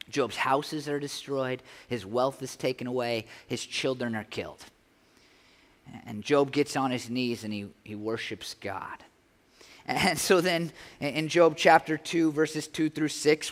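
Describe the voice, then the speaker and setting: A man's voice: a little high, moderate pace. A man preaching a sermon as pastor, earnest and conversational, with frequent restarts. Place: church sanctuary. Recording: long church hall reverb.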